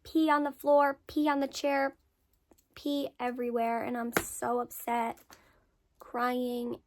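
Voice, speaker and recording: A woman's voice: a little high, slow, background noise. A young woman content creator telling a story in a casual Q&A, candid, swearing freely and repeating words for emphasis. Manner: lively storyteller with emphatic repetition. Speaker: content creator answering follower questions.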